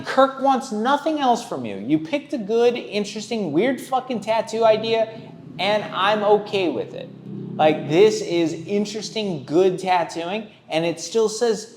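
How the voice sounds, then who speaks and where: A man hosting, giving blunt, profane, rambling commentary on tattoos. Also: high voice. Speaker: tattoo reaction host.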